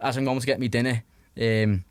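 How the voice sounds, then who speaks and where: A young podcast guest from Liverpool, England, speaks a little fast in a medium-pitched voice with fairly even intonation, with no room sound. In his Scouse accent he rambles through casual stories, heavy on fillers and restarts, swearing freely.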